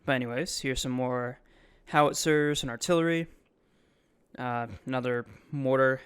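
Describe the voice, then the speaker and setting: A man's voice: mid-range voice, fairly even intonation, moderate pace, fairly bright tone, clean tone. A man giving casual, rambling voice-over commentary on his own video, full of ums and likes. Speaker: vlogger. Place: voice-over, not recorded in the museum.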